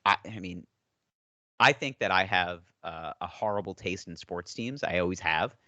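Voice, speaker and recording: A man co-hosting a podcast in casual chat, an animated storyteller who acts out quotes and laughs often. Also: low voice, moderate pace, dry recording, dull audio. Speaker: podcast co-host.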